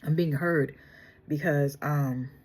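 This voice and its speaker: A woman with a husky, damaged voice, talking casually through a makeup tutorial and pushing herself to speak up. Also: deep voice, steady tone, takes it slowly. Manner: soft-spoken, pushes herself to speak louder. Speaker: makeup vlogger.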